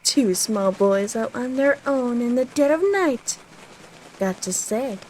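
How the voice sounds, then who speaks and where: Woman playing a sly, teasing stranger with a higher voice who drawls her words out slowly and calls people dear. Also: a little mellow, slight background noise, low-quality recording. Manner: drawn-out, teasing delivery, calls others dear.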